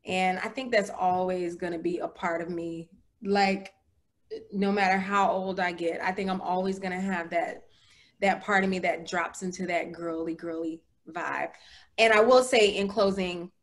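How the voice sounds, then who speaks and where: A woman's voice: fairly low pitch, fairly even intonation, normal speed. A woman hosting a casual chat, enthusiastic and chatty. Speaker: host.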